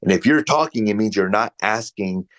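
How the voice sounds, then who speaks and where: A man's voice: on the low side, lively intonation, normal speed, fairly bright tone. Man giving direct coaching feedback. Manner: direct, conversational teaching. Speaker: real estate sales coach.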